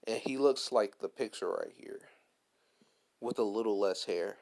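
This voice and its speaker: A man's voice: on the low side, unhurried, darkish tone. Rambling man telling a fan story. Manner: rambling, slangy, full of "like" and restarts. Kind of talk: casual fan story narration.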